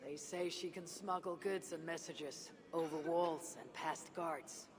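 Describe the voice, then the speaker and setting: An actress voicing a calm warrior woman in a game, who speaks in a steady, earnest way. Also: deep voice, unhurried, big-room sound, a crowd in the background. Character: calm female warrior seeking a truce.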